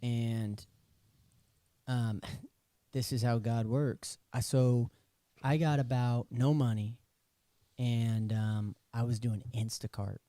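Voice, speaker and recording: A man's voice: medium pitch, steady tone, takes it slowly, long pauses, warm tone, dry recording, studio quality. A young adult man telling a personal story as a podcast guest, acting out the dialogue in it. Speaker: podcast guest, recording artist. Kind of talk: casual storytelling interview.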